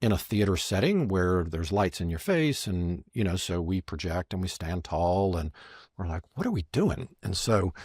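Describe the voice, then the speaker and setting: Deep husky-voiced man telling a story. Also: no echo, clean studio sound. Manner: lively storyteller who acts out quoted lines. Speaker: guest, magician and marketing strategist. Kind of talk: podcast interview storytelling.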